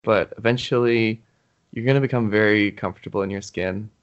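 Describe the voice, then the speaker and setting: A man's voice: lowish voice, fairly even intonation, fairly quick, highs cut off. A young man answering interview questions in a thoughtful, hesitant way, restarting his sentences. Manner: thoughtful, hesitant, restarts often, gets emotional. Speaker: interview guest, YouTuber.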